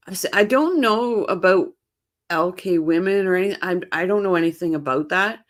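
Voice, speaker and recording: Running short on sleep, a true crime channel host chats casually with her live-stream audience, responding to their comments. Her voice sits on the low side at a normal speed, and she's talkative and opinionated, often rambling and restarting her sentences.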